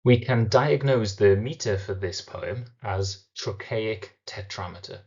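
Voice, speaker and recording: A man teaching a recorded literature lesson, explaining step by step and slowing down to sound out syllables. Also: on the low side, a little mellow, highs cut off.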